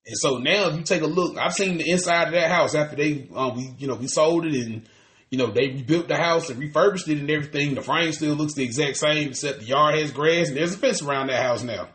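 A man's voice: on the high side, fast talker, a bit bright, reverberant. A man, co-hosting a podcast in casual chat, ranting animatedly and cursing with lots of restarts. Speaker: podcast co-host.

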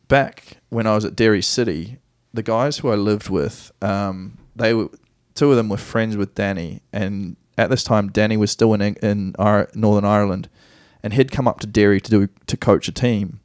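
Low-voiced New Zealand man telling stories. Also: steady tone, normal speed, hardly any pauses, dry recording, studio quality. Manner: rambling, self-correcting anecdotes with easy laughs. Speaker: guest soccer player. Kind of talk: casual podcast storytelling.

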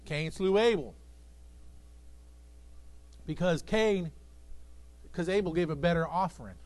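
A man's voice: fairly high pitch, measured pace, darkish tone. A male pastor preaching an emphatic sermon to a congregation that answers back. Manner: emphatic preaching with call-and-response, acting out voices. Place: church sanctuary with congregation.

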